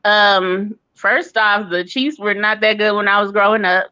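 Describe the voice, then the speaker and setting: A woman's voice: medium pitch, fairly even intonation, measured pace, bright, forceful tone, clean tone, no room sound, muffled recording. A woman from Kansas calling in to a show, chatting casually and giggly about football. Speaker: caller. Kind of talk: casual sports chat.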